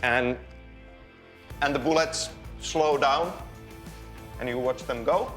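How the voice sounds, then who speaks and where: A man showing a visitor around a game studio, explaining and directing her in a calm, patient, instructive way. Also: medium pitch, takes it slowly, faint music behind.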